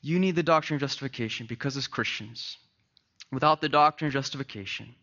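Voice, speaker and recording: A man preaching a sermon as pastor, dropping to a hush and then rising loud and animated. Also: medium pitch, fast talker, lo-fi sound. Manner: swings from hushed to loud and animated.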